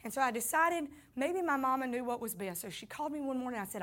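High-voiced Southern woman telling her story. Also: lively intonation, quick pace, hardly any pauses, a bit bright. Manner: earnest, addresses listeners as y'all. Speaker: speaker sharing a faith testimony. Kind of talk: personal storytelling testimony.

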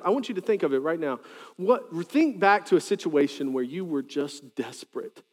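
High-voiced preacher in a reverberant hall. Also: male voice, normal speed. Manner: animated, joking asides, rising to shouted quotes. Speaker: pastor. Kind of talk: sermon.

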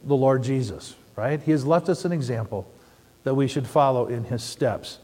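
A middle-aged man preaching a sermon, telling stories and asking the audience questions in an animated way. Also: mid-range voice, normal speed, husky. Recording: long hall reverb.

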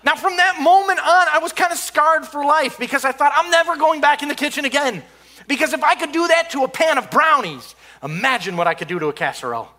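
A man with a high voice tells a comedic story from his own life. His tone is bright and forceful. He talks in an animated, excitable rush and often trips over his words and starts again. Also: fast, few pauses. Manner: animated, excitable, many restarts.

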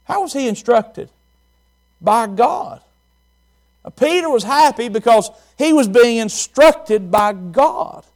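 A man's voice: very high voice, animated, slow pace. A man preaching a sermon as pastor, repeating phrases and asking the congregation questions.

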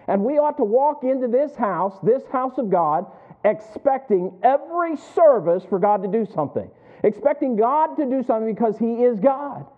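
A man preaching a sermon to his congregation, asking them questions and waiting for answers back. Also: very high-pitched. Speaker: pastor. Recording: tinny phone-like sound.

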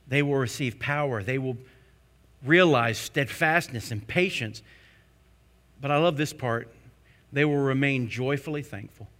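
A man preaching a sermon. He keeps asking the congregation rhetorical questions, building to emphatic peaks before dropping low again. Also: measured pace, a bit bright.

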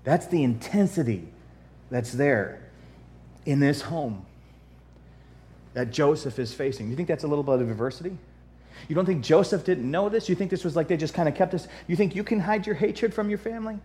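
Animated male pastor preaching a sermon. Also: fairly high pitch, fairly quick. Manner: animated, swings from soft asides to loud emphatic repetition; folksy humor, reads King James scripture aloud.

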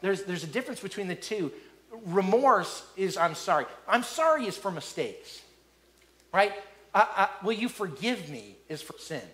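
High-voiced animated male preacher. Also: moderate pace. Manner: animated, repeats words, acts out quoted speakers. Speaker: pastor. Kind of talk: sermon.

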